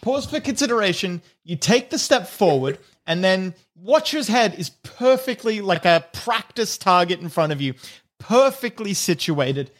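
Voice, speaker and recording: A rambling, giggly game master. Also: male voice, sits high, very animated, unhurried. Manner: loose, rambling narration with fillers and giggles. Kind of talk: narrating a tabletop game.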